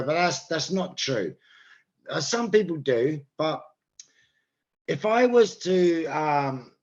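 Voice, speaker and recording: Slow, patient British man teaching. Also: mid-range voice, dull audio. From England. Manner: patient, checks understanding with "okay?". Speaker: English teacher. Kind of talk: explaining to an online class.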